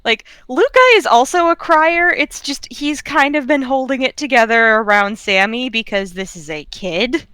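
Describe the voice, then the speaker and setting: A woman narrates her character in a tabletop role-play game in a relaxed, amused way. Her voice is clear and smooth, at a middle pitch, and the recording is dry and close. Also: normal speed, hardly any pauses, no echo. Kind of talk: casual role-play chat.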